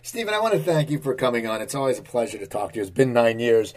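A man's voice: medium pitch, expressive, a little mellow. A man hosting a podcast who thanks his guest and signs off with plugs. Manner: upbeat, rapid plugs. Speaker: podcast host. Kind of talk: interview sign-off.

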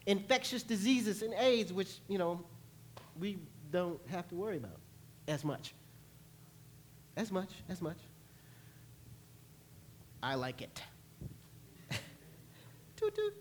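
Man, pastor, sermon, animated, playful, church sanctuary. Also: high-pitched, slight background noise. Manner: animated, playful, acts out voices and laughs with the congregation.

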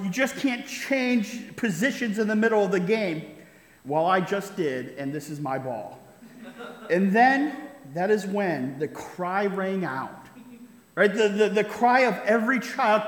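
A pastor with a high-pitched voice tells a story during his sermon at a measured pace, sprinkling in frequent "right?" asides and chuckles. Roomy hall reverb surrounds his voice.

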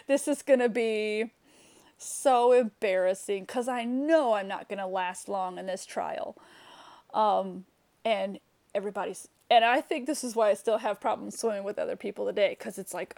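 A woman's voice: mid-range voice, gravelly, a little mellow. A woman telling a personal story straight to camera, candid and reflective, with frequent fillers and restarts. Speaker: vlogger.

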